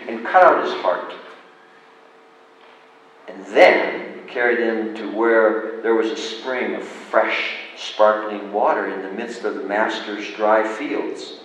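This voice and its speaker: A man pastor preaching a sermon and telling a parable, dramatic and shifting between loud and soft. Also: lowish voice, a little hiss or hum. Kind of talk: sermon with storytelling. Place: church sanctuary. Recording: echoey hall, distant mic.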